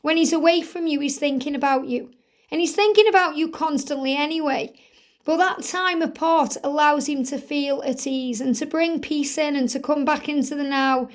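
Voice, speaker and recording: A woman with a slightly croaky throat, giving an earnest spiritual card reading and relaying messages in the first person. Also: high voice, moderate pace. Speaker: tarot reader.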